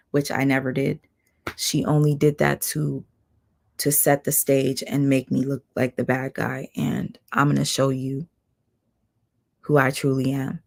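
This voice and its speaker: Woman host, low and gravelly, strained voice, heated blunt livestream rant. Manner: blunt, heated, swearing, reads viewer comments aloud.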